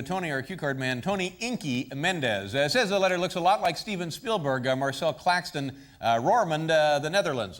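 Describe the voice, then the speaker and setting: A man hosting a late-night talk show, wry and teasing, with a live studio audience behind him. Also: fairly high pitch. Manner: wry, teasing, lively delivery. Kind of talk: joking talk show banter.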